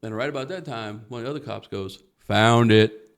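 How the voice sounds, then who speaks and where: A man's voice: medium pitch, quick pace. A man, a guest comedian, telling a long story on a comedy podcast, swearing freely and acting out the other people in it. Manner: profane, animated storyteller who acts out quotes.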